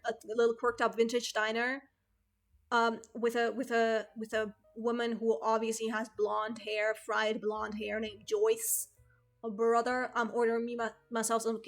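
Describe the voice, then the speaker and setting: A young woman streamer from outside the United States chats casually with her viewers in a slightly high voice. She rambles excitably, swears freely, and crams her speech with fillers.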